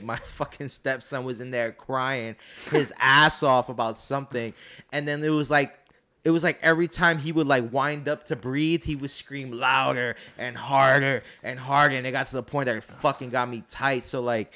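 A man in casual chat, telling an anecdote with lively, profane delivery. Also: mid-range voice, normal speed. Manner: animated, profane storytelling.

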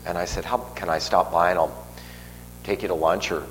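This is a sermon from an older man whose low voice keeps a fairly even intonation at a moderate pace. He recounts a rambling personal story with frequent fillers and restarts, captured with long reverb and faint noise.

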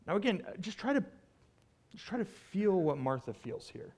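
A man preaching a conversational sermon, retelling a scripture story with animated asides and frequent "right?" check-ins. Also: sits high, normal speed. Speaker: pastor.

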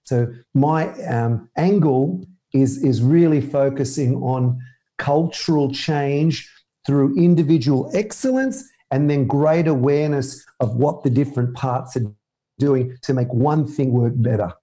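A man, a mindset coach answering interview questions in an energetic, emphatic way. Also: mid-range voice. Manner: energetic, emphatic, animated with quick bursts.

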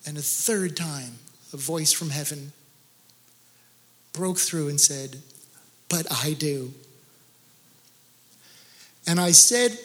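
A man's voice: fairly high pitch, long reverb tail. A man speaking to a church gathering, telling his own faith story in an earnest, storytelling way that rises to intense emphasis. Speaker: guest speaker. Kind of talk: testimony sermon.

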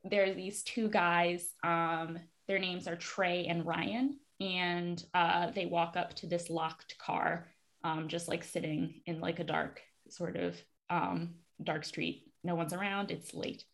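A woman's voice: on the low side, little pitch movement, slow pace, gravelly, fairly bright tone. A woman casually recapping a TV episode for a podcast, chatty and full of fillers.

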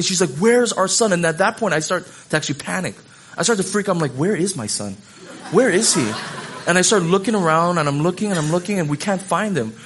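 Male pastor, thirties, from Hawaii, animated sermon storyteller, slightly high voice.

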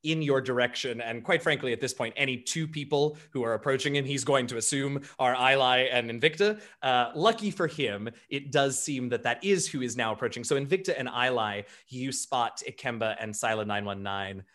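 A man's voice: medium pitch, a little fast, hardly any pauses, fairly bright tone. A man narrating as game master, chatty, with fillers and restarts.

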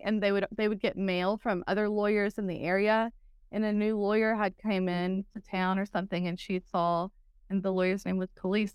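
A woman's voice: mid-range voice, smooth, no room sound, clean studio sound. A woman from Texas with a Texan accent, talking casually as a podcast interview guest. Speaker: guest, recovery coach.

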